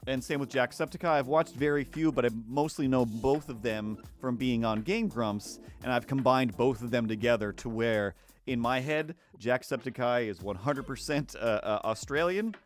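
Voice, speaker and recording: A man's voice: medium pitch, moderate pace, faint music behind. A man chats through a live drawing stream in a loose, rambling way. His talk is full of ums and side-tracks, and he laughs at his own asides. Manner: rambling and chatty, with many fillers and self-amused laughs. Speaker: cartoonist streamer. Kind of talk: casual live-stream chat while drawing.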